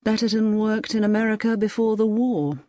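A woman voicing a weary male security official in an audiobook reading, measured and level. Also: medium pitch, dark tone, dry recording, studio quality, pitched above the performer's own voice, close to an everyday voice.

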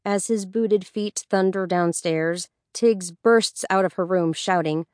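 A woman reading a novel aloud as an audiobook narrator in a steady, even storytelling voice. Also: medium pitch, slow pace, few pauses, no echo, studio quality. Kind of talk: scripted narration.

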